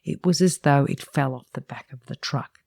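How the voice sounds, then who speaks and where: A woman's voice: very deep voice, moderate pace, gravelly, darkish tone, dry recording, studio quality. A middle-aged woman who mentors salon owners and hosts a podcast, reading her own book aloud in a frank, chatty way with wry asides.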